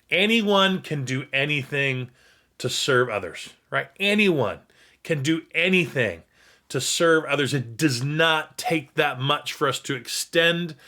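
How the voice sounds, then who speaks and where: A man who is a pastor, teaching on scripture in a reflective way, reading verses slowly and repeating his key points. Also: medium pitch, bright, forceful tone. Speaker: pastor and host. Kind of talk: sermon-style teaching on scripture.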